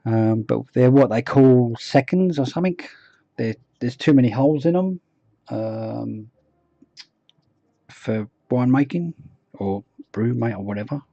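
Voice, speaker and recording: A man's voice: mid-range voice, animated, measured pace, vocal fry, dark tone, no room sound. A man streaming as he paints miniatures, chatting casually, muttering to himself and humming idly between remarks. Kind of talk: casual live-stream commentary while working. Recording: dull lo-fi stream audio.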